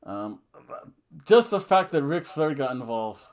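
A man reviews a wrestling show in a loose, joking ramble. His voice sits a little high and swings widely in pitch, and he talks at an unhurried pace with many fillers. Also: very animated. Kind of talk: casual video review.

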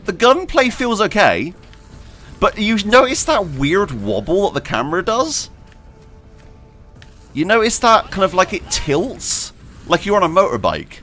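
A man's voice: high-pitched, wildly swooping pitch, unhurried, long pauses, pushed and bright, faint music behind. A man hosting a gaming video, chatting casually and rambling while he plays, laughing often and talking to himself. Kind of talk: casual gameplay commentary.

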